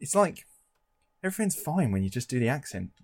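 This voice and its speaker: A man's voice: mid-range voice, sing-song, a little fast, dry recording. A man co-hosting a podcast, telling a true crime story in a casual, joking way and laughing often. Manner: chatty, laughs often, jokey.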